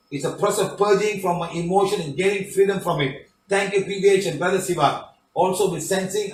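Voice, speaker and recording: A high-voiced man reads testimonials and comments on them, pressing his points with repeated "okay?" and "huh?". His voice is set back from the microphone in an echoing room, with a faint hiss of noise behind him. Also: a bit bright, recorded from a distance. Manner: emphatic, repetitive, tag questions like "okay?" and "huh?". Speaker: spiritual healing teacher. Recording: roomy, off-mic, faint background noise.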